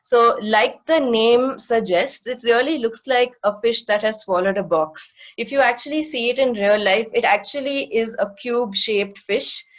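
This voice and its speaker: This guest speaker, a marine educator in her thirties, has a voice on the high side and talks at normal speed with hardly any pauses. She patiently walks through an online slide presentation with many fillers, and the high frequencies of the audio are cut off.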